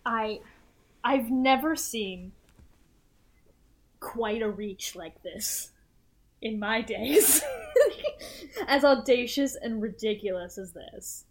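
A woman's voice: fairly high pitch, very animated, extremely slow, long pauses. A young woman co-hosting a podcast, chatting casually and animatedly, laughing often, swearing and acting out characters. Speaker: podcast co-host. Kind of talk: casual chat recapping a TV show.

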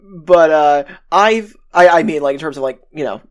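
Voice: medium pitch, moderate pace. Rambling podcast co-host recapping episodes. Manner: rambling, retells scenes with swearing and laughter. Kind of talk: casual chat recapping an anime episode.

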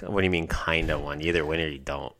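A man's voice: extremely low pitch, fairly even intonation, fast talker, fairly bright tone. A man co-hosting a casual podcast, joking sarcastically and swearing often. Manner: sarcastic, swearing, wrestling-fan jokes. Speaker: podcast co-host.

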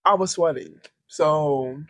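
A young man co-hosting a podcast in loose, profane, animated chat, laughing often. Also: a little high, takes it slowly. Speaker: podcast co-host. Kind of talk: casual chat.

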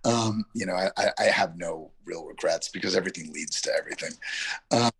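Deep gravelly man from Yonkers. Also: a little fast, a bit bright. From Yonkers, New York. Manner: rambling, reflective, heavy on fillers. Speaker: guest actor. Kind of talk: casual interview storytelling.

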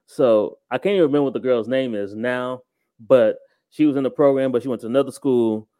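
A man's voice: mid-range voice, fairly quick, warm tone, dry recording. A man co-hosting a podcast, telling a story in casual, rambling fashion with many restarts. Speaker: podcast co-host.

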